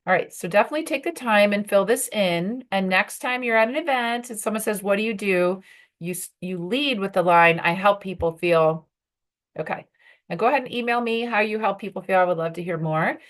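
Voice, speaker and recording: A woman's voice: mid-range voice, lively intonation, fairly quick, fairly bright tone. A woman leading a workshop for professional women, talking conversationally and acting out bits of dialogue. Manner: conversational, with fillers and acted-out dialogue. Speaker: workshop leader.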